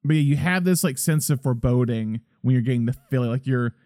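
A man co-hosting a podcast, talking through a film in a rambling, animated way. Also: medium pitch, fast, no room sound, clean studio sound. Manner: rambling, animated, acts out quotes. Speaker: podcast co-host. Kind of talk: casual film discussion.

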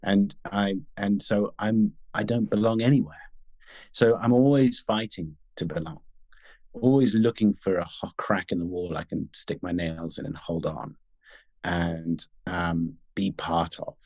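Low-voiced man, thoughtful guest. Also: steady tone, darkish tone, dry recording. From Sudan and Britain. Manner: articulate, halting with many restarts. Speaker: guest actor. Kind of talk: reflective interview conversation.

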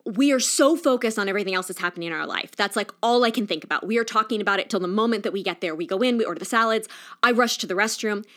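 A woman, hosting a podcast and telling a personal story in a chatty, animated way, her voice rising high at emotional moments. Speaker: podcast host. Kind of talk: casual storytelling monologue.

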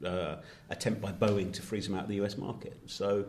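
A man's voice: lowish voice, fairly even intonation, a little fast, a little mellow, a little hiss or hum. A man co-hosting a podcast in casual, jokey chat, often restarting his sentences. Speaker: podcast co-host.

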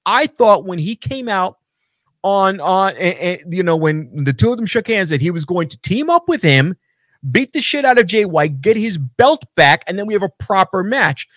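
A man's voice: high-pitched, big pitch swings, moderate pace, fairly bright tone, no room sound, studio quality. A man co-hosting a casual wrestling talk show, ranting animatedly and swearing often. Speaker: podcast co-host.

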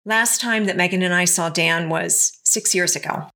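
A woman's voice: lowish voice, moderate pace, sharp tone. A woman hosting a podcast, narrating scripted segments with asides to the listener. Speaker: podcast host.

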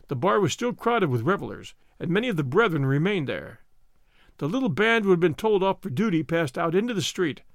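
A man hosting a show and reading a story aloud in a measured storytelling manner. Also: on the high side, dry recording, clean studio sound. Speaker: host and reader. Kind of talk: audiobook narration.

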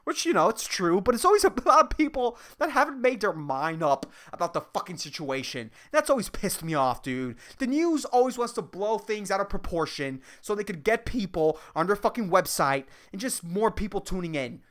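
A man's voice: sits high, very animated, moderate pace, hardly any pauses, a bit bright. A young adult man hosting a casual solo podcast, ranting with lots of swearing and laughing at himself. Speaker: podcast host and comedian.

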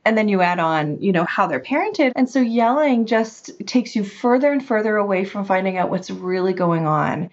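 A woman talks earnestly and openly about raising her child, in an unhurried conversational way. Her voice sits at an ordinary middle pitch. The recording is somewhat dull and lo-fi. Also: lively intonation. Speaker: parent guest on a parenting podcast. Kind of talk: candid conversational chat.

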